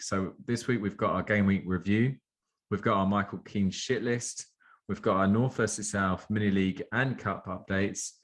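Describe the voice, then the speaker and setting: A man's voice: deep voice, a bit bright. Chatty man hosting a podcast. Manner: jokey, chatty, laughs often. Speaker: podcast host. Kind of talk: casual podcast chat.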